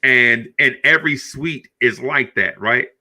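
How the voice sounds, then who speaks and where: A middle-aged man hosting a podcast. He tells a story in a casual, animated way, laughs often and keeps repeating words. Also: medium pitch, a little slow. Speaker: podcast host.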